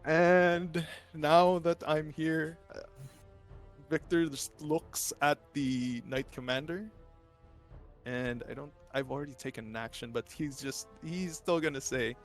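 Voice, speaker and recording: A man's voice: fairly high pitch, steady tone, slow, soft background music. A man playing a tabletop game, hesitant and searching for words. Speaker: player.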